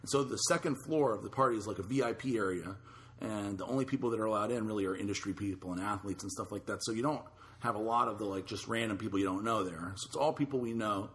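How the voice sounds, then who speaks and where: Fast-talking blunt podcast host. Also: male voice, lowish voice, fairly bright tone. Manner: fast, loose and blunt, swears casually. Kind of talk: casual podcast chat.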